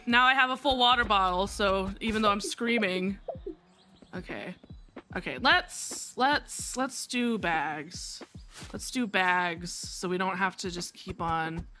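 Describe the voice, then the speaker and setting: A young woman streaming a game live, muttering to herself, swearing freely and breaking into sarcastic rants and loud outcries. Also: medium pitch. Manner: bursts into loud laughing outcries. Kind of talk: live gameplay commentary. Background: faint background music.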